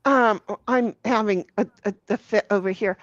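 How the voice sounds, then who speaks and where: A woman's voice: mid-range voice, moderate pace, no room sound, lo-fi sound. A woman hosting a livestream, chatting casually, swearing freely and reading viewer messages aloud while playing a party game. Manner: swears freely, laughs often, reads chat aloud. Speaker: livestream host.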